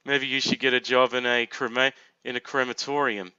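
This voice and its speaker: A man's voice: mid-range voice, level tone, moderate pace, pushed and bright, smooth, no room sound, dull audio. A man giving casual blind reaction commentary on a cartoon, joking, laughing often and dropping crude asides.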